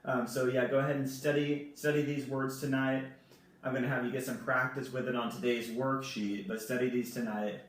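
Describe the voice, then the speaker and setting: A man speaking at a middle pitch gives a recorded classroom lesson, patiently walking through each form and spelling words out letter by letter. His voice carries a heavy room echo and sits back from the microphone. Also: little pitch movement, fairly quick, far from the mic. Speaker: Spanish teacher.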